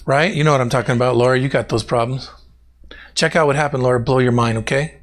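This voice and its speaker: A man's voice: mid-range voice, fast talker. A man preaching a conversational sermon to his congregation, telling personal stories and calling on members by name. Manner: animated, talks directly to congregation members by name. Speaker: pastor.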